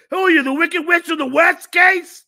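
A man hosting a podcast, mocking a clip he is playing with sarcastic, jeering remarks and loud outbursts. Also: very high-pitched, vocal fry. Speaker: podcast host. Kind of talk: mocking live commentary over a clip.

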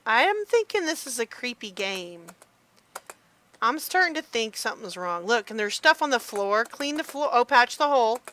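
A middle-aged mom chatting excitedly through a let's play, gasping and squealing as she goes. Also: a little high, moderate pace, a little hiss or hum. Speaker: gamer mom playing a game.

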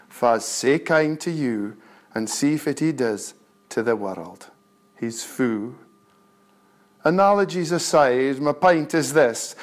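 Slow, measured North-East Scots poet. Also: male voice, fairly high pitch. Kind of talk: poetry recital.

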